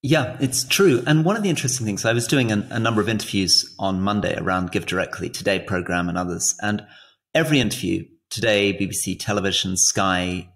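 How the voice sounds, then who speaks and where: Man, british accent, podcast co-host, gravelly, earnest, explanatory. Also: on the low side, brisk, fairly bright tone. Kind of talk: casual political chat.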